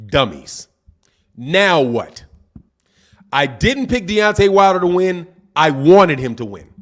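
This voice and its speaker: On a boxing live stream, a male host with a high, animated voice reads viewers' comments out loud and shoots back at them. His replies are teasing and combative, and he tends to end his lines with "man" or "dog."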